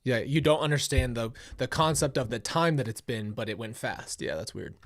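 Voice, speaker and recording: Man, host, casual reaction commentary, chatty, goes off on tangents, mid-pitched voice. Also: animated, moderate pace.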